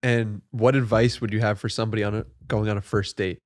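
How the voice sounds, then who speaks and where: A man's voice: on the low side, flat delivery, fast talker, no echo, studio quality. A man hosting a podcast interview who asks reflective questions and listens with short replies. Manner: attentive, reflective, short back-channel replies. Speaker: podcast host.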